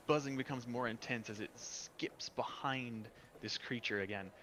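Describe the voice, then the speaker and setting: A man's voice: medium pitch, normal speed, fairly bright tone, slight background noise. A man narrating a tabletop game as game master, describing scenes with small hesitations.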